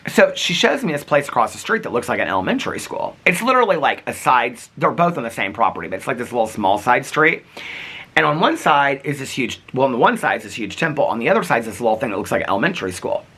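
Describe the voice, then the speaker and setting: A man's voice: mid-range voice, fast talker, husky. A man vlogging, telling a rambling story with lots of asides and quoted back-and-forth. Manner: chatty, animated, rambling with asides. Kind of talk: casual storytelling vlog.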